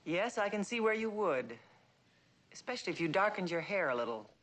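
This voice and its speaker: An actress playing a tired former actress hired as a double in a 1960s TV drama, speaking patiently and plainly. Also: female voice, fairly low pitch, big pitch swings, brisk, fairly bright tone. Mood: wry.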